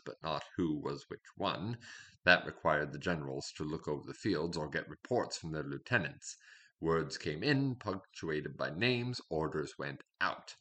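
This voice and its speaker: A man in steady, measured scripted fiction narration. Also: sits low. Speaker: storyteller.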